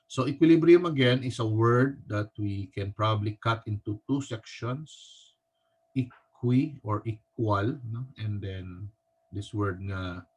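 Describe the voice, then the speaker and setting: A male teacher with a Filipino accent giving a recorded physics lecture, halting often and tagging his sentences with a questioning "no?". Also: on the low side, husky. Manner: halting, with frequent restarts.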